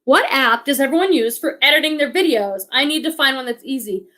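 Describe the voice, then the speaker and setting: A woman's voice: high-pitched, lively intonation, brisk, fairly bright tone. A woman in her forties hosting a casual live stream, chatting and reading out viewer comments, thinking aloud with many restarts. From Boston area, USA. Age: 40s. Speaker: reselling livestream host.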